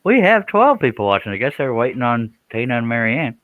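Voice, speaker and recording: A man's voice: medium pitch, sing-song, a little fast, no echo, narrow, tinny audio. A middle-aged man hosting a live stream, chatting casually, joking about himself and greeting viewers by name.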